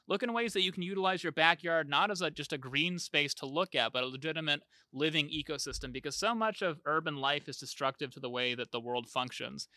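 A young man with a fairly high, bright voice chats loosely on a podcast, rambling and laughing easily. The sound is dry and close. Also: a little fast, hardly any pauses, no echo. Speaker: podcast host. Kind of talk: casual chat.

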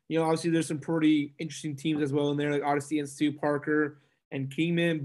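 A man co-hosting a casual sports chat, relaxed and a bit hesitant, with stumbling starts. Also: fairly high pitch. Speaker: sports podcast co-host.

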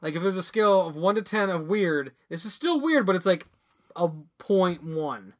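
A man co-hosting a podcast in casual chat, rambling and halting with many restarts. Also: high voice, expressive. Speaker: podcast co-host.

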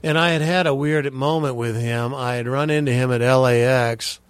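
A man's voice: mid-range voice, fairly even intonation, moderate pace, clean tone, no room sound. A middle-aged male actor, a guest on the show, telling career stories in a casual, conversational way and often stammering over repeated words.

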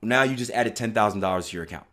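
A man's voice: lowish voice, racing. A man teaching about trading in a motivational way, emphatic and repetitive, often checking in with "right?". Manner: emphatic, repeats "right?" often, bursts of loud stress. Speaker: trading coach.

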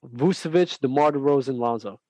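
A man's voice: medium pitch, brisk, a little mellow, low-quality recording. A man co-hosting a heated sports debate podcast, blunt and firmly repeating his points. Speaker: podcast co-host.

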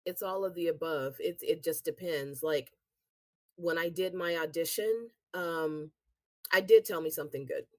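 A woman guest, a singer and actress, telling stories in a casual interview with animated, laughing delivery. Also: sits low, normal speed, no room sound. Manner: chatty, animated storytelling with laughs.

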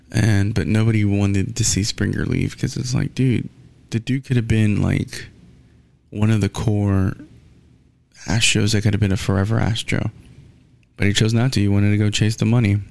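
Gravelly, low-voiced man ranting bluntly. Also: steady tone, moderate pace, long pauses, darkish tone. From Houston. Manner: blunt, angry, swears a lot. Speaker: sports fan ranting. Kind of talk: casual profane rant.

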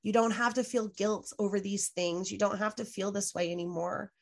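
Earnest woman guest on a podcast, mid-pitch voice, lots of likes and restarts, gets heated and swears. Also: steady tone, normal speed. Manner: frequent "like" fillers, self-restarts. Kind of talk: candid podcast interview.

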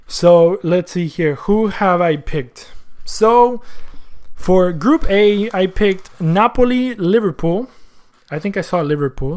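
A man's voice: high voice, darkish tone. A man hosting a soccer podcast in casual chat, slangy and thinking aloud as he goes. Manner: chatty, thinks aloud, asks himself questions.

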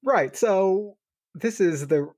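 Male podcast co-host, mid-pitch, animated and laughing, dry close sound. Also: slow, no room sound. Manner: animated, laughing storyteller with many fillers. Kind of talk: casual storytelling chat.

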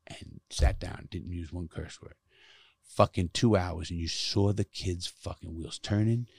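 A man's voice: low-pitched, fairly even intonation, a little slow, creaky, darkish tone, husky, no room sound, clean studio sound. A middle-aged man telling stories from his life in casual conversation, blunt and emphatic, cursing often to stress his points. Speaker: guest, former prisoner who speaks to youth.

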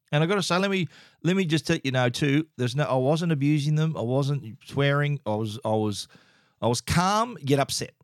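A man's voice: fairly high pitch, expressive, moderate pace, dry recording, clean studio sound. A middle-aged Australian man telling a story in a casual, exasperated and emphatic way, with frequent restarts.

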